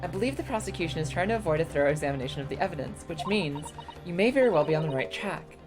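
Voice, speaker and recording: A woman reading the lines of an earnest young male defense lawyer in a measured, formal manner, over game music. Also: low voice, animated.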